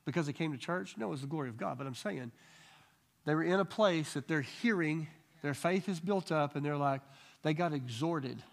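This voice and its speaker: Leading a church Bible study, a man with a somewhat high, fry-tinged voice recounts healing stories with lively energy, dropping into quick quoted voices along the way.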